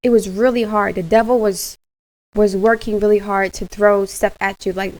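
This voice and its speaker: A woman giving a casual tarot reading straight to her viewers, animated and slangy, laughing often. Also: medium pitch, normal speed, poor audio. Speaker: tarot reader.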